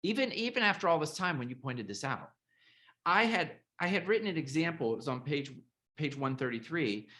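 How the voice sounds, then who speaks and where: A host talking in a casual interview over a video call, halting and repeating words, emotional and animated. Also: medium pitch. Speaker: podcast host and author.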